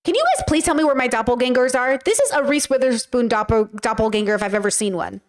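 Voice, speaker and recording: A woman's voice: a little high, expressive, quick pace, over music. A woman streamer reacting to videos in casual commentary, incredulous and thinking aloud as she rambles.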